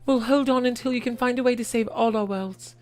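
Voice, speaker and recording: A woman gives voice to a steadfast young ally, speaking gently but firmly with a bright, slightly raised pitch. Her lines are earnest and resolute, with faint music under them. This is a video game cutscene. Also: fairly even intonation, a little fast, lightly acted.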